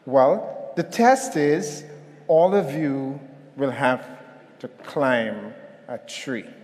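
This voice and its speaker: A man's voice: mid-range voice, drawn-out words, darkish tone. A man giving a motivational conference talk, telling a story and calling on the audience to respond, recorded in an echoey hall. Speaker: keynote speaker.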